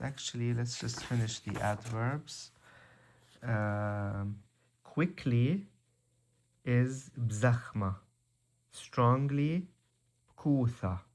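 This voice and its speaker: A man giving a language lesson, reading out words slowly and deliberately one by one. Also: medium pitch, a little mellow. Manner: slow, deliberate, spells out word by word. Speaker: language teacher.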